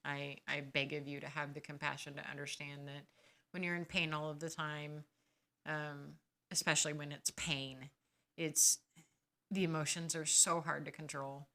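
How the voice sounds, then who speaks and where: A woman's voice: low-pitched, level tone, moderate pace, vocal fry, sharp tone. A woman hosting a podcast, talking casually and bluntly about managing chronic pain and giving firm advice. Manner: blunt, advising, grows emphatic and scolding. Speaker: podcast host sharing her experience.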